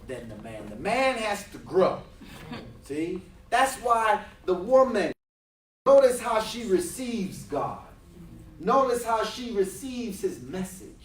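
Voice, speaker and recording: A man preaching a sermon to a congregation, joking and then rising to shouts. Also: high voice, roomy sound, recorded from a distance. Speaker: minister. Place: large hall with live congregation. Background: congregation responding.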